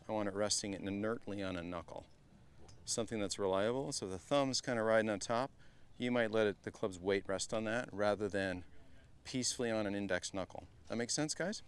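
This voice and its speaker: A middle-aged man coaching a group at a live golf clinic, chatty and energetic, often turning to the group as guys. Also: fairly low pitch, a little fast, clear, resonant tone. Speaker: golf instructor.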